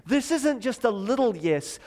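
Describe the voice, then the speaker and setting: A middle-aged man preaching a lively, joking sermon from a church stage, chatty and self-deprecating, drawing the congregation in. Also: extremely high pitch, a little slow. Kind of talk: playful sermon with audience participation.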